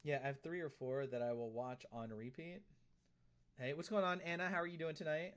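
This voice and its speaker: On a live stream, a man with a somewhat high, slightly bright voice chats casually at a brisk pace, reading out comments from his chat, responding to them, and often repeating himself.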